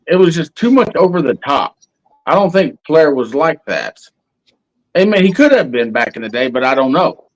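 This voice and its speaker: A man from Texas, chatting casually as a guest in a rambling, halting, easygoing way. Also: a little high, poor audio. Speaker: podcast guest. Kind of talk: casual round-table chat.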